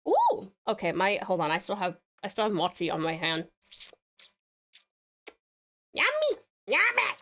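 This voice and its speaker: A woman's voice: on the low side, fairly even intonation, fast talker, few pauses. A woman livestreamer who sounds mostly American, with a few Australian words, chatting casually with her viewers, giggly, with frequent ums.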